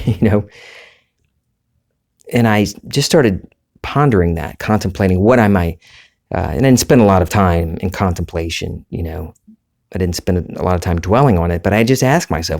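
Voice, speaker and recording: Low-voiced Southern US man musing. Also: normal speed. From Southern United States. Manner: relaxed, conversational, rambling with self-corrections. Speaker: podcast host. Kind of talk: reflective solo podcast monologue.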